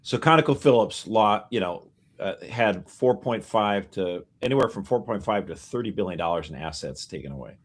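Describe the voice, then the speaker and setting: A man co-hosting a podcast, casually walking through news facts with animated asides. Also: fairly low pitch, normal speed, slight background noise. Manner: animated explainer, piling up figures and asides. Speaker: podcast co-host.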